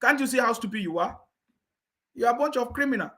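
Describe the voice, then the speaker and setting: High, bright, scornful man. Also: animated, fast. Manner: scornful, insistent, with mocking laughs and repeated "are you getting me". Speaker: political commentator. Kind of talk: ranting online commentary.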